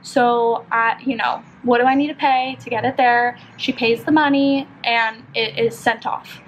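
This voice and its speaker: A young woman from California vlogging as she does her makeup at home. She tells a story in a chatty, animated way, full of "like". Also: fairly high pitch, measured pace, dull audio, slight background noise. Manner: chatty, filler-heavy, animated retelling with lots of "like". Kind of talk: casual get-ready-with-me storytelling.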